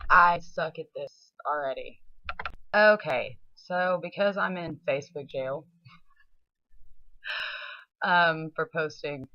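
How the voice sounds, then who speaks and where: A woman's voice: fairly low pitch, dry recording, highs cut off. A young woman with a Southern accent chatting casually to camera from her floor at home, blunt and laid-back with plenty of fillers. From southern United States. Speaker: model and vlogger. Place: home, sitting on the floor indoors.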